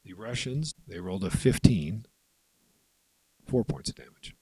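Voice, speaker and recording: Low husky man explaining a board game. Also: expressive, mellow, no room sound, rough recording. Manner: explains step by step, voices players' moves in quick asides. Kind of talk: tabletop game rules walkthrough.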